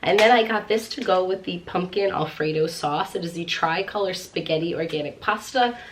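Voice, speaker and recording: A woman's voice: lowish voice, moderate pace, background noise. A pregnant young woman chatting at home through a casual haul vlog, gushing with lots of fillers and short of breath. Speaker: vlogger.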